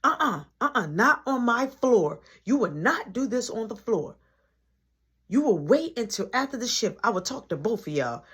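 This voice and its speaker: A woman's voice: fairly high pitch, very animated, moderate pace, fairly bright tone, breathy edge, full character voice. A woman voicing a stern female shift manager who barks clipped, commanding orders. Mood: scolding.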